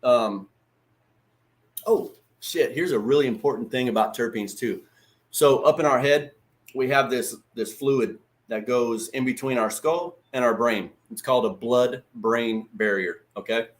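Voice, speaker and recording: A man in the middle of his range, hosting a relaxed livestream lesson. His talk is loose and chatty, with plenty of swearing and quick hellos to viewers by name. He keeps it informal, like a friend explaining things. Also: medium pitch. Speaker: livestream host. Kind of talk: casual livestream teaching.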